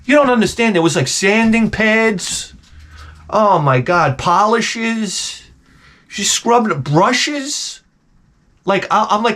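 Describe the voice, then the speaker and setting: A middle-aged man telling comedic stories as the host, in an animated, profane, exaggerated ranting style. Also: high voice, takes it slowly. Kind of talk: comedic storytelling rant.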